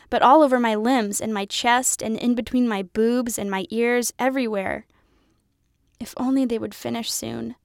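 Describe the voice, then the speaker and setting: A woman narrating a first-person novel in a conversational, wry, measured way. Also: fairly high pitch, clear, resonant tone, dry recording, studio quality. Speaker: audiobook narrator.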